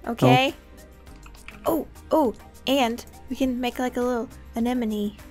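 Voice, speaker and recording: A woman's voice: on the high side, steady tone, normal speed, darkish tone, soft background music. A woman hosting a casual gaming video, giggling often and bossing her co-player around in an upbeat way. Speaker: gaming channel host. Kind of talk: casual gameplay chat.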